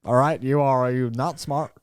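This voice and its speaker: A man's voice: medium pitch, a little slow, smooth, dry recording, clean studio sound, close to an everyday voice. A man improvising as a gloomy male vampire who dreams of being a cowboy, rambling and flustered. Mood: ranting. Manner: rambling, flustered, lively delivery. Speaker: improv comedian. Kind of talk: improvised comedy scene.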